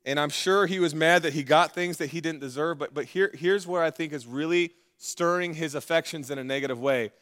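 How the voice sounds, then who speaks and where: A man's voice: a little high, brisk, hardly any pauses, fairly bright tone. A man preaching a sermon in a playful, conversational way, with asides to the congregation. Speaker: pastor.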